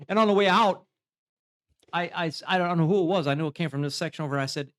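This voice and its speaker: A man co-hosting a casual podcast chat, animated, laughing often and restarting his sentences. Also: a little high, quick pace. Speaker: podcast co-host.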